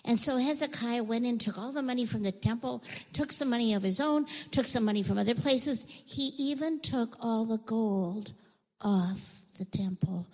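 A woman telling a Bible story to children in an animated way, acting out voices and sometimes whispering. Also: mid-range voice, normal speed. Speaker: children's church teacher. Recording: echoey hall.

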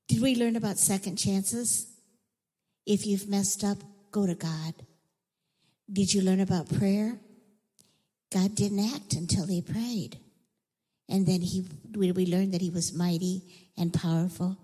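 A woman telling a Bible story to children in an animated way, acting out voices and sometimes whispering. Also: mid-range voice, normal speed. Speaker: children's church teacher. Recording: echoey hall.

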